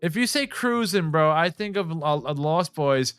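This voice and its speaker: A man's voice: a little high, animated, normal speed, a bit bright, clear, resonant tone, no echo, soft background music. A man hosting a casual podcast, pushing to steer the talk back to the main topic. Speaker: podcast host.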